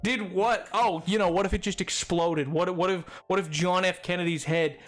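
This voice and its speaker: Faint music plays behind a man streaming a game, his high-pitched voice keeping a fairly even intonation. He chats casually, drifts onto tangents and frequently bursts out laughing.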